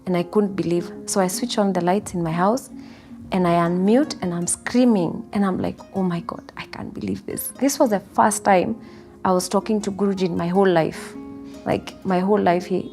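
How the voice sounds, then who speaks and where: A woman's voice: on the low side, steady tone, moderate pace. A woman telling a personal spiritual testimony, earnest and storytelling, acting out her own past words. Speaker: devotee sharing testimony. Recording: soft guitar music underneath.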